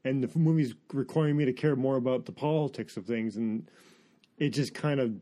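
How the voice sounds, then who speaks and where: A man reviews a film in a relaxed podcast chat. His voice is warm and mellow at a middle pitch. He rambles with strong opinions and stops and restarts his sentences. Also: brisk. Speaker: movie review podcast host.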